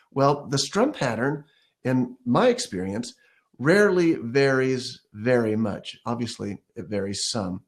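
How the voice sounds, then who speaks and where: A man's voice: medium pitch, very animated, a little slow. A man giving a casual ukulele lesson, explaining step by step and counting beats or scatting rhythms aloud as he plays. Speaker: ukulele teacher. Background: ukulele playing.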